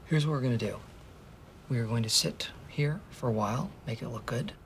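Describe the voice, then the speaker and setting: A man's voice: mid-range voice, fairly quick, slight background noise, close to an everyday voice. An actor playing a theatrical, meddling male office boss in a sitcom, with a showy, stagey delivery. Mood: scheming. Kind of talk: sitcom acting.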